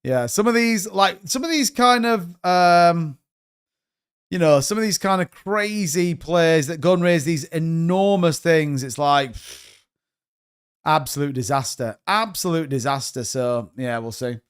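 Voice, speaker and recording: A man's voice: fairly high pitch, unhurried, clean tone. A man hosting a casual crypto live stream, rambling and thinking aloud with exasperation while he browses charts. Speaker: crypto livestream host.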